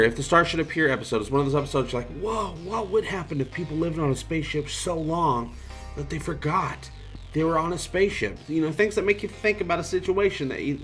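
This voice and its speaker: A man's voice: mid-range voice, fairly bright tone. A man hosting a casual livestream, reading out viewer comments and joking around in a loose, rambling way. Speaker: livestream host.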